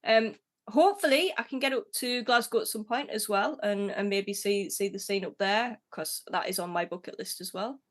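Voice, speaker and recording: A woman hosting a casual interview, chatty and quick to laugh, telling stories with lots of asides. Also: medium pitch. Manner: chatty, laughs often, tells stories with quoted voices. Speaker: podcast host.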